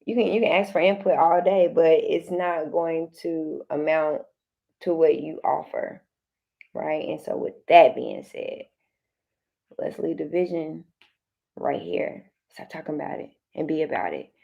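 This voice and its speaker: A woman's voice: low voice, a little slow, creaky, muffled recording. A young woman giving a casual tarot reading straight to her viewers, loose and slangy, repeating phrases and restarting often. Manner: loose, slangy and direct, talks straight to the listener. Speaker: tarot card reader.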